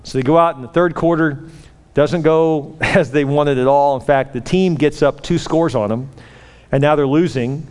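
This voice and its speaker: Animated man preaching in an echoey hall. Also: fairly high pitch, normal speed, clean tone. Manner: animated, repeating words in bursts. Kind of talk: sermon storytelling. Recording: long echoey hall reverb.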